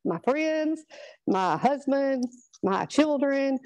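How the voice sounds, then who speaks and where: A woman's voice: high-pitched, expressive, slow, a little mellow, no echo, low-quality recording. A middle-aged woman, giving a chatty, earnest motivational talk to a live group. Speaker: speaker at a product training.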